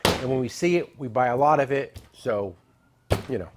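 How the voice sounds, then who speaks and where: A middle-aged man hosting a tool show, chatting casually and joking as he pitches products and tells stories. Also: normal speed, background noise. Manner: joking, rambling, salesy with asides. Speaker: tool dealer and show host. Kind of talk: casual product talk and storytelling.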